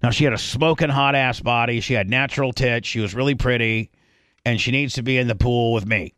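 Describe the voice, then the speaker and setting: A man's voice: medium pitch, fairly even intonation, brisk, fairly bright tone, no echo, clean studio sound. A man hosting a podcast, telling stories in a blunt, profane, rambling casual chat. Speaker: podcast host.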